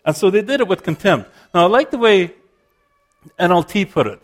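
A man's voice: sits high, big pitch swings, moderate pace. A man preaching a sermon, explaining scripture earnestly and often restarting his phrases.

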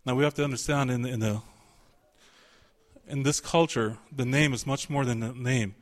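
A man's voice: medium pitch, steady tone, normal speed. A man preaching a sermon, emphatic and searching, voicing the pleading of a biblical figure in his quotes.

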